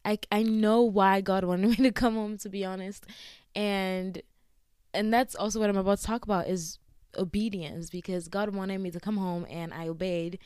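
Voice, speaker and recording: A young woman talks through a casual solo podcast, chatty and quick to laugh. She acts out the lines she quotes with bright jumps in pitch. Her voice is smooth and clear, recorded close and dry. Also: fairly even intonation, dry recording. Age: young adult. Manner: chatty and giggly, with frequent laughs. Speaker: podcast host.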